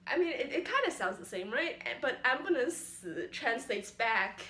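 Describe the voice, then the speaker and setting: A woman's voice: sits high, big pitch swings, moderate pace, sharp tone. A young woman vlogging casually, explaining in a playful, rambling, self-mocking way. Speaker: YouTuber. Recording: echoey room.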